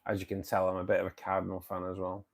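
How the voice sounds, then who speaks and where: A man's voice: low-pitched, completely flat delivery, rapid-fire, gravelly. A man from the UK with a Manchester accent, hosting a casual livestream and chatting back to viewers' comments. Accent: Manchester English. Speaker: livestream host.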